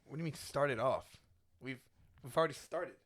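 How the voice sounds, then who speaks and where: A young man co-hosting a podcast in casual chat, teasing in a dry, low-key way. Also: a little fast, fairly bright tone. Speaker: podcast co-host. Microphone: studio mic.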